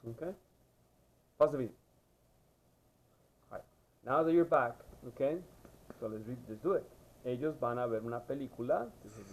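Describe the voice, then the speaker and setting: A man's voice: medium pitch, vocal fry, a little mellow, slightly rough. Patient man teaching a video lesson. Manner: patient, repeats "okay?" to check understanding. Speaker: Spanish teacher.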